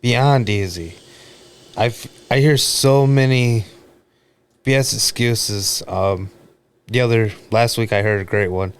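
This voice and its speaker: A man's voice: lowish voice, slow, pauses often, clean tone. A man hosting a recovery talk show, giving short, plain-spoken replies in casual chat. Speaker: podcast host. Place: podcast studio.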